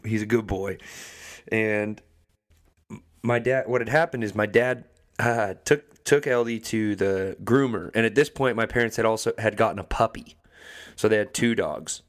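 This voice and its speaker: His voice sits on the low side and moves at a moderate pace. A young adult co-host of a podcast, he tells a casual story with energy, impersonating the people in it.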